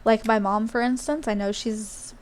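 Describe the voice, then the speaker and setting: A woman's voice: on the high side, steady tone, moderate pace, slight background noise. Chatty woman streamer from Australia. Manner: rambling, chatty, with many fillers and asides. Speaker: game streamer. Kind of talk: casual live-stream chat while gaming.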